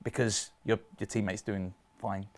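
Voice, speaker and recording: A man's voice: fairly low pitch, flat delivery, a little slow. A man giving opinionated, joking takes in a casual panel chat.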